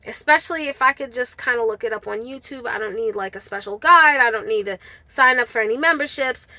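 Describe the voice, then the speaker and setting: Earnest bright-voiced woman telling a story. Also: a little high, a little fast, dry recording. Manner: earnest, heartfelt, addresses viewers as guys. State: tearful at times. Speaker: vlogger. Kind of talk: personal story to camera.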